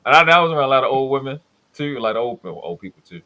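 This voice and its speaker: Animated man from Baltimore reacting. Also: mid-range voice, rapid-fire. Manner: animated, excitable, laughing asides. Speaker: co-host reacting to a video. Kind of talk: casual reaction chat.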